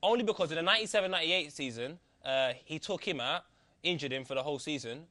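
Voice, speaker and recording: Quick, bright-voiced London man joking dryly. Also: on the high side. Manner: deadpan, jokey asides. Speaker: panelist. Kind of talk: casual comedy chat.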